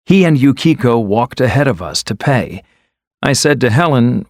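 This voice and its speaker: A man's voice: mid-range voice, animated, unhurried, no room sound, studio quality. A man reading a scripted first-person story in a conversational storytelling way. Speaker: narrator.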